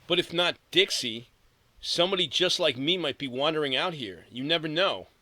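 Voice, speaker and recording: A man voicing a sarcastic, frustrated young woman lost in a strange land, speaking in a higher, louder, grumbling voice for an audiobook. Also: lively intonation, moderate pace, no echo, heavily acted. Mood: hopeful.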